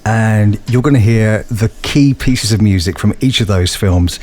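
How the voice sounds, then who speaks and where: A man's voice: lowish voice, measured pace, a little mellow, slight background noise. A man, a voice actor talking enthusiastically and with self-mocking humour in an interview. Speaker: voice actor and guest. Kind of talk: animated interview chat.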